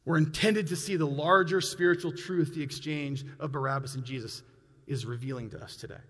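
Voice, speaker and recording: Earnest male preacher, somewhat high-pitched, vivid storyteller, booming church acoustics. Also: fairly even intonation, brisk, fairly bright tone, in a large hall. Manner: earnest, imaginative storytelling, rising for emphasis. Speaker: pastor. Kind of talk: sermon. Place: church sanctuary.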